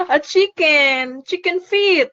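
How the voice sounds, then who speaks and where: A woman's voice: extremely high pitch, a bit bright, lo-fi sound. A woman teaching an online phonics lesson to a child, cheerful and encouraging, laughing often.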